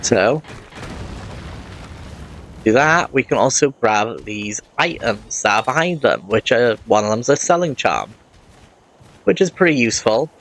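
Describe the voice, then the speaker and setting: A man's voice: medium pitch, animated, measured pace, pauses often, fairly bright tone, slight background noise. A man giving casual let's-play commentary, rambling and often correcting himself mid-sentence.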